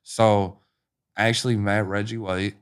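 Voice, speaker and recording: A man's voice: lowish voice, measured pace, smooth. A man, a football coach, telling stories in a casual conversation. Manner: animated storyteller, acts out quotes.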